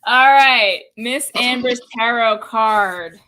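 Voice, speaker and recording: A woman's voice: a little high, steady tone, slow pace, long pauses, background noise. A woman from the Boston area with a faint Boston accent, hosting a casual podcast chat and pulling tarot cards, blunt and swearing freely. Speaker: podcast host and tarot reader.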